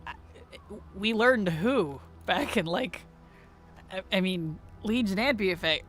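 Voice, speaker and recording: A woman streaming a game, chatting casually with viewers, chatty and giggly with animated rants. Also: mid-range voice, slow, soft background music. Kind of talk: casual gameplay chat with viewers.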